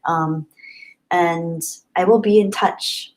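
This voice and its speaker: A woman's voice: on the low side, moderate pace, rough recording. A young woman hosting a live stream, reading viewer messages and thanking them in an emotional, effusive way. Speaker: livestream host.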